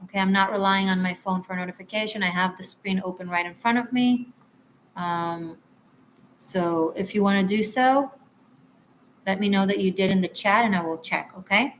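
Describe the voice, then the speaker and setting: Woman tarot reader, live stream, chatty and apologetic, mid pitch. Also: normal speed, slight background noise. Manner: chatty and apologetic, addresses viewers warmly.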